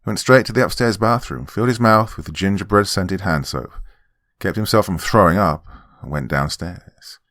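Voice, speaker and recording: Deep-voiced man narrating horror. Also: normal speed, fairly bright tone, no echo, clean studio sound. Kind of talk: scripted horror story narration.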